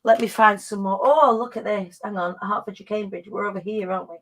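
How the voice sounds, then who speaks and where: A woman's voice: mid-range voice, steady tone, a little fast, fairly bright tone. A woman, hosting a casual live-stream chat in a bubbly way, full of British slang. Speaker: host.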